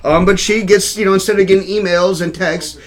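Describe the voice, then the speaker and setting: A man's voice: high-pitched, fairly even intonation, brisk. A young man hosting a live web show, reading odd news stories and riffing on them crudely with frequent laughter. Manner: laughs often, rambling and irreverent. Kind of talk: loose crude comedic news chat.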